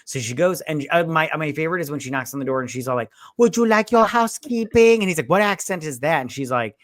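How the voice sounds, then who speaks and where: A fast-talking woman with a rumbling low, fairly bright voice co-hosts a casual movie chat reviewing films, captured dry and in studio quality. Swearing and rambling, she walks through scenes and repeats what the characters said.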